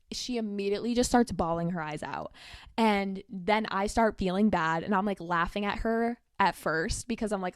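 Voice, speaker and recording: A woman's voice: medium pitch, no echo, clean studio sound. A young woman in her twenties hosting a podcast, telling a story in a chatty, casual way with lots of filler words. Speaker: podcast host.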